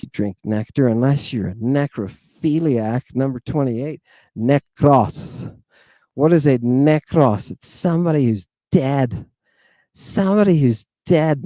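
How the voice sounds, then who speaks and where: A man's voice: mid-range voice, warm tone, no echo. A man giving an informal lecture on ancient Greek words, repeating and drawing out each word and chatting with his listeners. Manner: emphatic, repeats and stretches words slowly.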